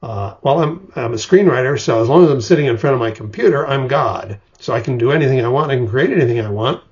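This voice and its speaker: A man's voice: medium pitch, lively intonation, fast talker, darkish tone, slightly rough. An older man teaching screenwriting in an explanatory lecture, acting out vivid examples as he goes. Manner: vivid storyteller, acts out examples. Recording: dull lo-fi recording.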